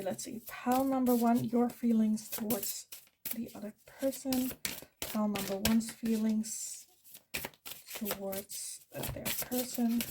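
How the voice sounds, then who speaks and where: A woman from the Netherlands with a Dutch accent gives a pick-a-card tarot reading, thinking aloud and correcting herself as she goes. Her voice is fairly high, and there's background noise. As a tarot reader, she uses soft fillers along the way.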